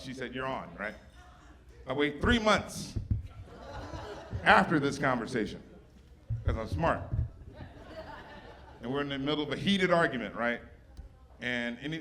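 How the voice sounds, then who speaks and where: A man doing a stand-up set, teasing the audience with brash, profane crowd work. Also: mid-range voice. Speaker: stand-up comedian. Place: stage before a live audience. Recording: live show with loud audience laughter.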